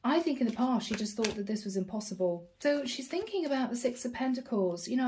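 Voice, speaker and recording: A woman reads tarot cards aloud and talks through them in a mellow, warm tone that sits a little high. She muses to herself as she goes and calls out each card in short, clipped bursts. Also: lively intonation, a little fast, hardly any pauses, a little hiss or hum. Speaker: tarot reader. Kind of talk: channeled tarot reading to camera.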